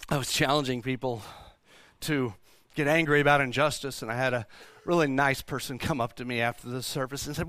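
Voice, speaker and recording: Bright, emphatic male pastor preaching. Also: mid-range voice, animated, normal speed, no room sound, clean studio sound. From Texas. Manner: emphatic, rhetorical questions, frequent restarts. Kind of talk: sermon. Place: church.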